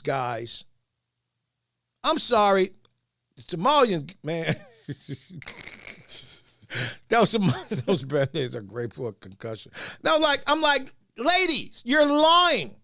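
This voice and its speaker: Male podcast host, high voice, swings all over, laughing commentary. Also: slow pace, long pauses, dry recording. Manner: mocking, laughs a lot, animated. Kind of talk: comedic commentary.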